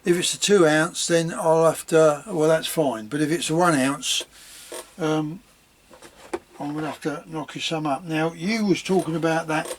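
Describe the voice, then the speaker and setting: A man's voice: a little high, steady tone, normal speed, slight background noise. A man rambling casually about his leatherwork in a home vlog, chuckling at himself as he goes. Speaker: leatherworking hobbyist.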